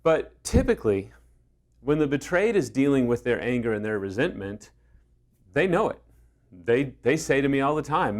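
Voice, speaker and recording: A man's voice: mid-range voice, sing-song, moderate pace. A man coaching on affair recovery, talking earnestly and telling stories with acted-out dialogue. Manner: earnest, storytelling, acts out quoted dialogue. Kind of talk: direct-to-camera advice talk.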